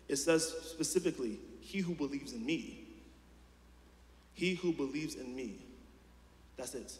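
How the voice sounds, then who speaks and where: A man preaching a sermon in a casual, chatty way, full of fillers and restarts and questions put straight to the congregation. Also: on the high side. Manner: talks directly to the congregation with questions. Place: church hall. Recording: echoey hall with long reverb.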